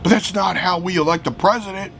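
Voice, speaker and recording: A man from the United States ranting heatedly about politics, profane and often shouting. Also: sits high, steady tone, fairly quick, creaky, a little hiss or hum. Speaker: political vlogger.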